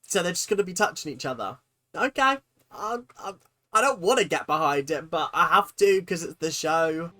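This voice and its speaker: Reaction host, comedic commentary, incredulous, exaggerated, loud-to-muttered swings, casual swearing. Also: medium pitch. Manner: laughs often, swears casually.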